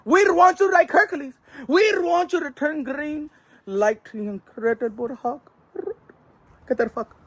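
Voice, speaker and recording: A man putting on a bossy, foul-mouthed boxing promoter who shouts orders and curses. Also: very high voice, measured pace, no echo, voice pushed up. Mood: bossy ranting.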